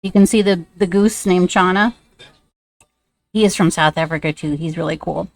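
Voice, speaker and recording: Woman streamer rambling away with lots of ums, lowish voice, dry room. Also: moderate pace, dry recording. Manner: chatty, rambling, many fillers; sing-song baby talk to a pet. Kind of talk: casual chat while drawing on stream.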